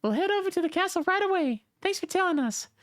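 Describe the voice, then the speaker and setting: An excited little girl in a game, squeaking in a high falsetto. She is eager and bouncy, with lively swings in pitch. The sound is close and dry. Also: fast, no room sound.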